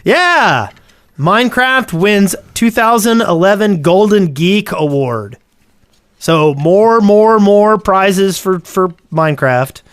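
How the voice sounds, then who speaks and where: A man with a fairly high voice co-hosts a casual podcast and reads the news aloud. He stumbles and repeats words as he talks, and laughs often. The sound is dry and close to the mic. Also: animated, slow pace, a bit bright, dry recording. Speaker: podcast co-host reading news.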